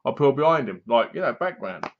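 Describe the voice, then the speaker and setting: A man's voice: mid-range voice, big pitch swings, fast. A man casually reviewing a film to his webcam, retelling the plot in a rambling way and laughing at the jokes. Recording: dull lo-fi webcam audio.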